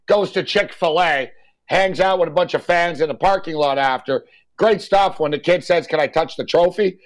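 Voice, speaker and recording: A man's voice: a little high, normal speed, low-quality recording. A man hosting a sports talk show, joking and acting out quotes in casual chat. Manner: animated, joking, acts out quotes.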